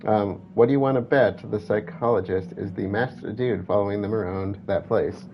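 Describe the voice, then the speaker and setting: A man's voice: on the low side, moderate pace. A man chatting casually while playing a horror video game, reading game text aloud and correcting himself as he goes. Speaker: gameplay commentator. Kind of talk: let's play commentary. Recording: dull lo-fi with faint hiss.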